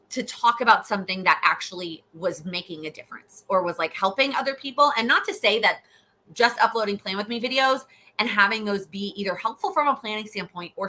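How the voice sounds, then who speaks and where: A woman's voice: mid-range voice, sharp tone. A young adult woman coaching on goals, chatting casually and answering viewer questions live, with frequent restarts and fillers. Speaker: host, goal-setting coach. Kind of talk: live Q&A chat.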